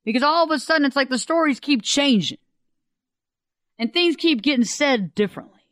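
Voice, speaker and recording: A man talking casually about relationships as an advice speaker, animated and acting out the quoted voices of others. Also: extremely high pitch, a little fast, no room sound, clean studio sound.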